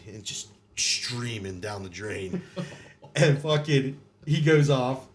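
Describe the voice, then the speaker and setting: A man's voice: mid-range voice, animated, unhurried, slight background noise. A man, a former Marine, telling raunchy boot camp stories on a podcast, swearing freely, laughing often and acting out the voices in his quotes. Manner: profane, laughing, acts out quotes. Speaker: podcast guest. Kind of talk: casual storytelling.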